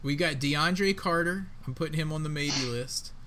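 A man co-hosting a casual sports podcast, talking in an emphatic, excitable way with plenty of slang. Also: on the high side, moderate pace, noisy background. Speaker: podcast co-host.

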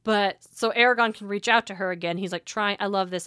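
A woman co-hosting a podcast, chatting about a book in an animated, affirming way. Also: mid-range voice, fairly quick, hardly any pauses, clear, resonant tone, no room sound, clean studio sound. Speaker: podcast co-host. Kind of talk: casual book discussion.

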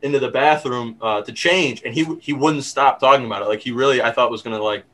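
A young man in his twenties hosting a casual chat, halting with fillers and laughing easily. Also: mid-range voice, a bit bright, low-quality recording. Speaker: host.

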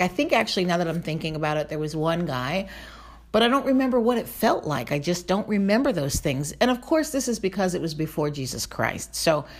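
A middle-aged woman preaching a heartfelt devotional sermon, emphatic and emotional, slowing down on key phrases. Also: on the low side.

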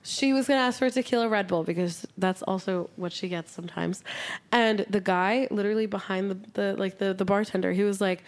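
A woman's voice: mid-range voice, steady tone, brisk. A young woman co-hosting a podcast, telling a story with lots of "like" fillers and frequent swearing. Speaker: podcast co-host. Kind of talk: casual podcast chat. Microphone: studio podcast mic.

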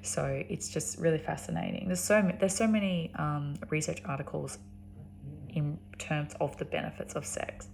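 A woman's voice: low voice, steady tone, moderate pace, creaky, a little mellow, slight background noise. An Australian woman talking casually and rambling, with lots of ums and restarts. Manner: frequent ums and restarts, chatty. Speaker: vlogger.

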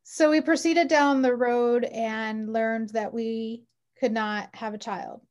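A woman's voice: on the high side, steady tone, slow. A woman in her forties, an interview guest telling her personal story in an earnest, heartfelt way with frequent ums. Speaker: mother.

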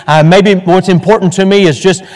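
A man's voice: high-pitched, steady tone, moderate pace, a little mellow. A male pastor teaching an evening church lesson in a folksy, chatty way, full of fillers and restarts. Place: church hall. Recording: echoey hall.

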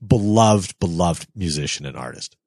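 A man co-hosts a podcast in animated, profane rants, breaking into mocking impressions. His voice is low and a little husky, yet it leaps around in pitch. The sound is dry and close to the mic. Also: moderate pace, no room sound. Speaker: podcast co-host. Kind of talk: casual podcast banter.

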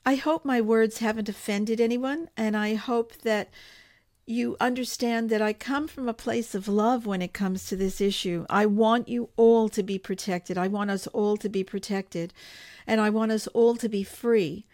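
A woman's voice: a little high, fairly even intonation, unhurried, a little mellow. A woman speaking live to her viewers, giving an earnest, pleading appeal and repeating phrases for emphasis. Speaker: organization spokesperson hosting a live broadcast. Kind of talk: impassioned direct-to-camera appeal.

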